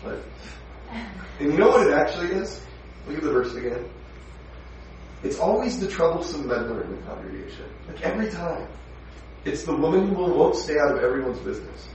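A man's voice: a little high, very animated, a little fast, long pauses, darkish tone, muffled recording. A male pastor teaching verse by verse in a conversational, emphatic sermon, often asking his listeners questions. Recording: echoey room from a distant mic, faint noise.

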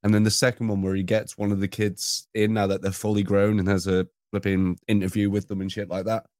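A man's voice: on the low side, level tone, fairly quick, a little mellow, no room sound, clean studio sound. A man in casual chat, joking and teasing with crude banter.

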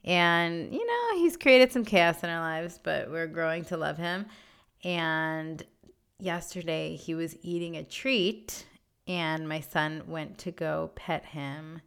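A woman's voice: low-pitched, expressive, takes it slowly, vocal fry, a bit bright, smooth. A woman co-hosting a podcast in casual chat, rambling with lots of "like" fillers. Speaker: podcast co-host.

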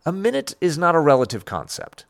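A man delivers a scripted radio commentary in an earnest, emphatic preaching manner. His voice carries a gravelly edge and swings widely in pitch as he stresses his points. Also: huge pitch swings, brisk.

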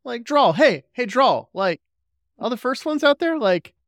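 Insistent alien leader, female, pleading and high-voiced, put on by a man. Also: sing-song, a little slow, a bit bright, dry recording, exaggerated voice. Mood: wheedling. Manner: nagging, repetitive pleading.

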